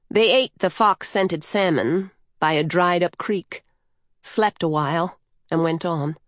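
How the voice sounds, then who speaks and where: A woman narrating a storybook in a slow, measured, lyrical way. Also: on the low side, dry recording, studio quality. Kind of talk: scripted audiobook narration.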